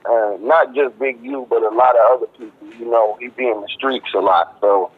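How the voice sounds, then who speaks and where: A man calls in to a radio show as a guest musician. He talks in a laid-back, slangy way and often pauses and restarts. His voice is mid-pitched and comes over a thin, tinny phone line. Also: husky. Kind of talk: casual phone interview.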